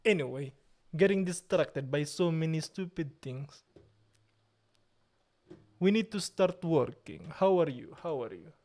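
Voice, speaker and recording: Slow-talking playful man streaming live. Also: fairly high pitch, a little mellow. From Italy. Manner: playful mock outrage, slow drawn-out delivery. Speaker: livestream host. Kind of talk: casual live-stream chat.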